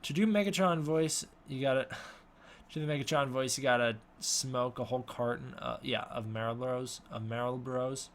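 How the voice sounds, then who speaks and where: A man's voice: mid-range voice, normal speed, a little hiss or hum. A young man casually answering chat questions on a live stream from his room, mumbling and unsure of himself. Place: home room with a snake tank.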